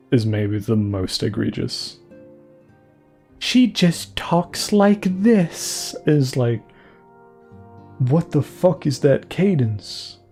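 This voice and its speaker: A young man with a gravelly, mellow voice chatting his way through a game stream on a desk mic. He is blunt and jokey, swears casually and now and then reads the on-screen dialogue aloud. Faint game music sits behind him. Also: fairly low pitch. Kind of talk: casual gameplay commentary.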